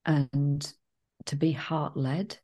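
A woman co-hosting a casual podcast, reflective and prone to tangents, animated when telling stories. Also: low-pitched, extremely slow. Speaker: podcast co-host.

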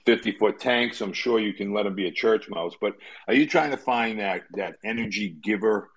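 Deep husky interviewer dude, rambly long questions. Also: male voice, normal speed, low-quality recording.

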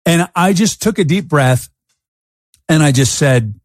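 A man hosting a podcast, telling stories in a casual, animated way and acting out his own thoughts. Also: a little high, measured pace, long pauses, no room sound, studio quality. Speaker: podcast host. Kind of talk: storytelling in a casual interview. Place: Arizona.

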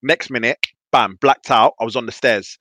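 A man's voice: medium pitch, normal speed, pushed and bright, no echo. A young man telling a wild story to friends on a podcast, swearing freely and acting out his own panicked voice. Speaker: podcast guest. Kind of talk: casual storytelling.

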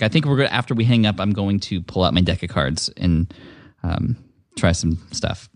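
Eager podcast host, dry close mic. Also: male voice, on the low side, normal speed, dry recording. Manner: enthusiastic, many restarts and fillers. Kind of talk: casual podcast talk.

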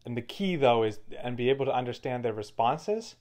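A man's voice: mid-range voice, animated, a little fast, a little mellow. A man co-hosting a casual chat, explaining his points fluently. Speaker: co-host.

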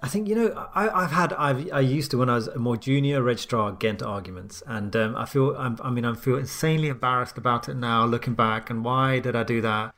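A man co-hosting a casual podcast chat, a doctor who rambles quickly with many fillers. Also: mid-range voice, fairly bright tone, soft background music.

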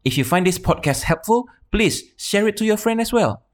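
A man's voice: high-pitched, lively intonation, normal speed. A male podcast host reading a friendly, upbeat closing message to listeners. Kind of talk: scripted show outro.

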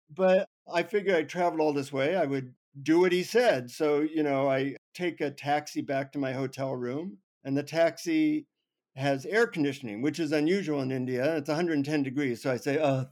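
A man on an interview show telling a funny personal story with lively, self-mocking humor. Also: fairly high pitch, normal speed. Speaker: guest. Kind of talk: anecdotal storytelling.

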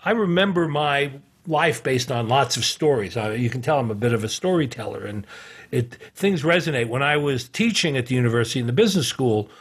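Husky middle-aged man telling stories. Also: medium pitch, expressive, brisk. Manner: rambling, many fillers and restarts, chuckles often. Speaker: podcast guest. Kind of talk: casual anecdotal storytelling.

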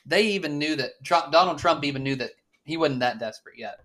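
A man's voice: on the high side, animated, fairly quick, a bit bright. A man co-hosting a casual political chat, blunt and swearing often, with lots of fillers and restarts. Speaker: podcast co-host.

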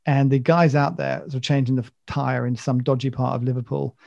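A man hosts a casual chat, rambling from one story to the next with jokey enthusiasm. His voice has a gravelly edge. The sound is dry and slightly muffled. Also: medium pitch, little pitch movement, normal speed, a little mellow, dry recording. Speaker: podcast host.

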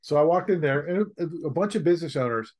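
A man's voice: on the high side, fast. A man who is an author, telling a blunt, joking story in an interview and acting out the people in it. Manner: lively, joking, acts out quoted people; blunt, slangy.

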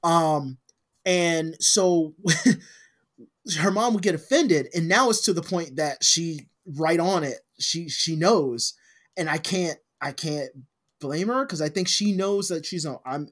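Man with a somewhat high voice. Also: takes it slowly, a bit bright. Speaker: podcast co-host. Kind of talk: casual chat.

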